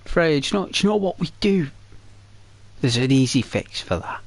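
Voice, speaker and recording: A man's voice: on the high side, sing-song, moderate pace, creaky, dry recording. A man streaming a video game, chatting to his viewers in a rambling, chatty way with many restarts. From Britain. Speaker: gaming streamer. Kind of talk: casual chat to viewers while playing.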